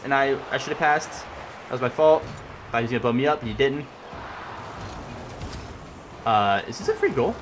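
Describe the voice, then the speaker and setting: A young man giving casual gameplay commentary as he plays, excitable and swinging between loud yelling and mumbled asides. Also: mid-range voice, background noise. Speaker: gaming commentator.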